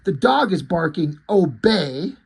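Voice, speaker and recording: Casual comic recap, profane rambling man, breathy voice. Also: a little high, animated, normal speed. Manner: profane, rambling, frequent fillers. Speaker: comic book reviewer.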